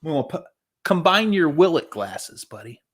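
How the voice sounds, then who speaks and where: A man's voice: a little high, very animated, moderate pace, slight background noise. Easygoing eastern Pennsylvania man co-hosting. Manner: easygoing, agreeable, calls his friend buddy. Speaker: co-host. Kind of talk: casual chat over whiskey.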